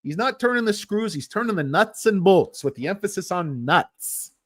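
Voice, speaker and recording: Rambling, joking man with a lively voice. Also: sits high, normal speed, no echo, clean studio sound. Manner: rambling, joking, bouncy delivery. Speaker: stock trading streamer. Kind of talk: casual livestream chat.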